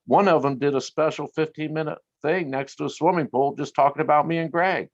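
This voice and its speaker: A man in casual conversation, telling stories in a profane, animated way and laughing often. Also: on the high side, a little fast, few pauses. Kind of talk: casual chat. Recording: lo-fi recording.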